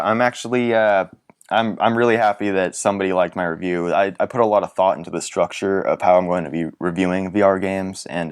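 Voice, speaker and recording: A man's voice: sits low, clean tone, no room sound, clean studio sound. A man co-hosting a podcast in casual chat, laughing often and stumbling over repeated words. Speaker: podcast co-host.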